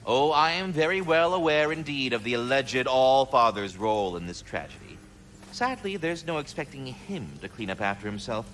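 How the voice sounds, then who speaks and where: A man's voice: mid-range voice, animated, moderate pace, fairly bright tone, slight background noise, lightly acted. An actor playing a fussy, articulate dwarf craftsman who speaks in a formal, polite way. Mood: earnest.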